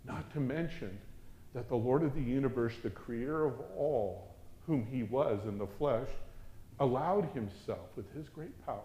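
A man preaching a sermon, swinging from loud, urgent exhortation down to hushed, reverent tones. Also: medium pitch, roomy sound, a little hiss or hum.

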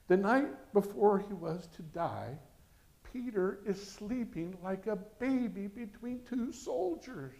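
A man preaching a sermon as pastor, animated and acting out quoted voices. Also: high-pitched, slow pace, vocal fry.

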